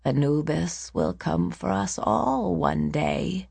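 A woman's voice: fairly low pitch, expressive, slow pace, gravelly, a little mellow, slightly rough, no echo, exaggerated voice. A woman voicing a harsh, scornful old priestess in an audiobook. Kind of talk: audiobook character voice.

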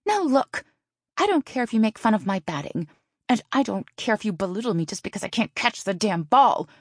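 A woman voicing an enraged adult woman shouting at a rival on the field. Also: mid-range voice, big pitch swings, a little fast, husky, no room sound, clean studio sound, pitched above the performer's own voice. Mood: furious. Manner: angry, shouting. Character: spiteful adult woman, furious softball player.

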